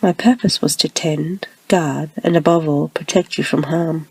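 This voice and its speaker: A woman voicing a small, calm male robot guardian in a whispered role-play, speaking in a purring, teasing way. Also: deep voice, measured pace, husky, no echo, far from the mic, full character voice, rough recording.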